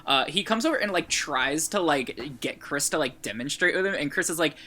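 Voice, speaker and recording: Male podcast guest, casual chat; bright, sharp tone, loose rambling delivery with fillers and swearing. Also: a little high, animated, fairly quick. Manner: rambling plot recap full of fillers and swearing.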